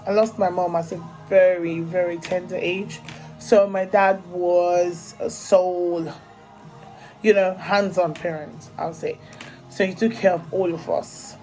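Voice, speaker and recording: A woman's voice: mid-range voice, a little mellow, poor audio. A young woman from Africa with an African accent, chatting casually and animatedly to her vlog viewers and laughing often. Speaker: vlogger.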